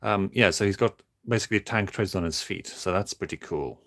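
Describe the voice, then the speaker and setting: A man streaming casually while building toys, talking in a flat, monotone way with many halting restarts. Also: low-pitched. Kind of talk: casual livestream chat.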